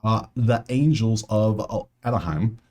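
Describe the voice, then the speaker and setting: A man's voice: on the low side, measured pace, a little mellow. A man hosting a casual solo sports betting breakdown, talking straight to players and viewers with grumbling asides.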